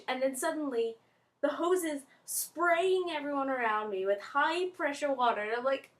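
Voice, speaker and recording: Young female vlogger, fairly high voice, lively storyteller who squeals and laughs. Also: moderate pace. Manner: animated, squeals and laughs at her own story. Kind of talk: casual storytelling.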